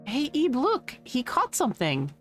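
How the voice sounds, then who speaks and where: A woman voicing a bubbly, curious and naive little girl during a game playthrough, high, breathless and chirpy. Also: huge pitch swings, unhurried, a bit bright, faint music behind, heavily acted. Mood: excited.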